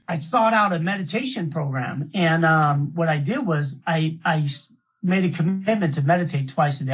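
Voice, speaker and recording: A man's voice: a little high, slightly rough. A middle-aged man from San Francisco giving an AA share in a street-casual, rambling way, often calling the listeners man. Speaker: AA speaker. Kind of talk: recovery share talk. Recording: muffled lo-fi talk recording.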